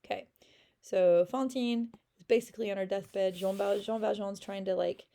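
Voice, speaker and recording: A woman reads a French novel aloud as a casual lesson and retells each passage in a chatty, filler-heavy way. Her voice is gravelly with a mellow, warm tone. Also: mid-range voice, steady tone, normal speed. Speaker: French teacher.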